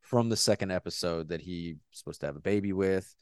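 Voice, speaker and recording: A man's voice: sits low, a little fast, smooth, no room sound, studio quality. A man co-hosting a podcast, chatting casually in a rambling, joking way, with the odd swear word. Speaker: podcast co-host. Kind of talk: casual chat.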